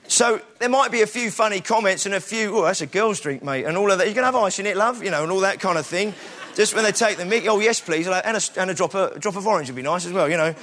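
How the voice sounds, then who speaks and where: A man's voice: high voice, fairly bright tone. A middle-aged British man giving an informal, conversational sermon, with frequent restarts and self-deprecating asides. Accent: British English. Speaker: preacher.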